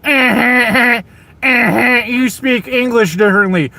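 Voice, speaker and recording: A man's voice: extremely high pitch, a little slow, vocal fry, sharp tone, dry recording, pitched above the performer's own voice, full character voice. A man putting on the voice of a sneering woman who cackles and taunts in a repetitive sing-song. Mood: cackling mockery.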